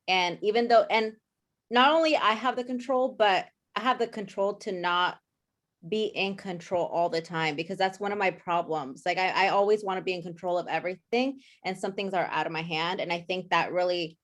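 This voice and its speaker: A woman's voice: on the low side, moderate pace. A woman in her thirties, a participant in a group coaching call, sharing her takeaways in a chatty, candid way, with frequent ums.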